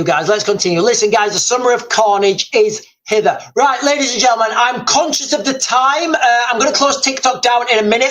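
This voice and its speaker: A man's voice: high voice, a bit bright, poor audio. Urgent man hosting a livestream. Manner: urgent, rambling, keeps calling viewers "guys". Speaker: livestream host. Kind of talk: livestream commentary.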